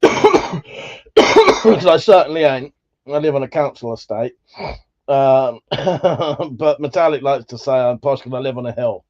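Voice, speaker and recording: A man with a Buckinghamshire accent hosting a livestream, reading out chat in a relaxed, sweary way, laughing often, his voice slightly worn. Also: mid-range voice, normal speed, lo-fi sound. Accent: Buckinghamshire English. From England. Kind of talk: casual chat.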